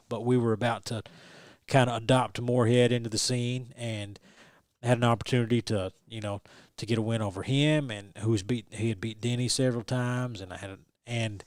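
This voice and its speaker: A young adult man, a guest telling a story in an animated, restarting way. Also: mid-range voice, dry recording, studio quality. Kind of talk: casual storytelling interview.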